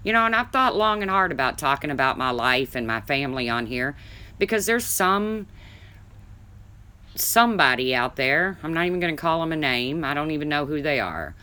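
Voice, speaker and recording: A woman hosting a casual livestream, reading viewer comments aloud and chatting, with a deep voice people mistake for a man's. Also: very animated, moderate pace, sharp tone, smooth. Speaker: livestream host.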